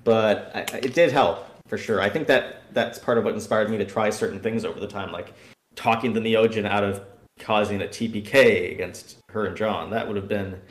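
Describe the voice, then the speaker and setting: A man chatting as a podcast guest, recounting tabletop game moments with lively acted-out bits. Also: fairly low pitch, normal speed, echoey room. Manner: animated storyteller acting out scenes. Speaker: guest player. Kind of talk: casual podcast chat.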